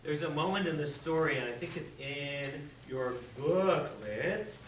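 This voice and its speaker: A man's voice: on the high side, lively intonation, a little slow. A man giving an enthusiastic, chatty lecture on literature to an audience, with fillers and restarts. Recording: echoey room, distant mic, faint noise.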